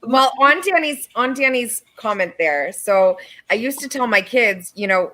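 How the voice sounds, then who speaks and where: A woman's voice: a little high, expressive, measured pace, pushed and bright. A woman telling easygoing family stories in a casual livestream chat.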